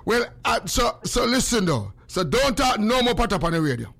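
High-voiced radio host. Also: male voice, normal speed, gravelly. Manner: animated, mixing patois and English. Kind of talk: casual radio banter.

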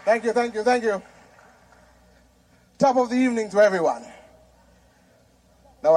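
A man from Grenada telling stand-up jokes in a brisk, joke-telling manner. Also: fairly high pitch, darkish tone, in a large hall. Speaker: stand-up comedian. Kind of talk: stand-up comedy.

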